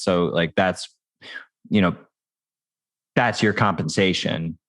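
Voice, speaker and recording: A man's voice: low-pitched, normal speed, a bit bright. A man who is a tech company founder, speaking as a guest in a casual podcast interview, talking loosely with frequent restarts and fillers. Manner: conversational, many restarts and fillers.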